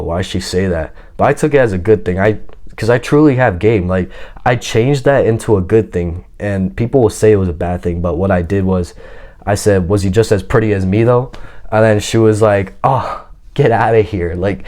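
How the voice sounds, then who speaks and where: A man with a fairly low voice tells a personal story in casual, slangy talk. He comes across as boastful and self-assured. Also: darkish tone.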